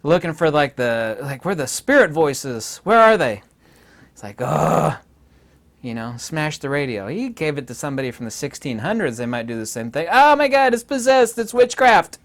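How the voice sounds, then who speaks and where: A man of middle pitch holds forth alone in an unscripted talk, sure of himself and given to digressions. He often jumps suddenly higher and louder to hammer a point home. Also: very animated, moderate pace. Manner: emphatic, digressive, self-assured, with sudden bursts of higher, louder delivery. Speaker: channel host lecturing on philosophy. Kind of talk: unscripted solo monologue.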